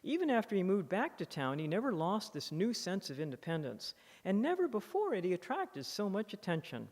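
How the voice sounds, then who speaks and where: A woman author giving a public lecture, reading from her book with expressive, animated emphasis at a podium microphone. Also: mid-range voice, a little fast. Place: lecture hall in a library museum. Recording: long reverb of a lecture hall.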